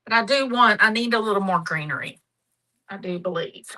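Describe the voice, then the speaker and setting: A woman's voice: mid-range voice, fairly quick, sharp tone, poor audio. A middle-aged woman hosting a live craft demonstration, chatty, homey and affectionate. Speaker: craft show host.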